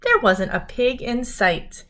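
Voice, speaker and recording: A woman reading a picture book aloud to children, gently pausing to talk to her young listeners about the pages. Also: a little high, sing-song.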